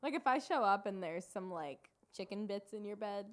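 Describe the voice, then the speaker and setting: A young woman co-hosts a podcast in a casual chat, animated and laughing often. Her voice is mid-range and her speed normal.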